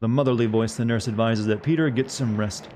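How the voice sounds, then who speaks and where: A man streaming a game live, moving between reading on-screen text aloud and chatting loosely with his viewers. His voice sits at an ordinary middle pitch. A faint hum of background noise sits under it. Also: fairly even intonation, brisk, a little mellow. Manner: casual chat with viewers. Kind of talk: live-streamed gameplay commentary.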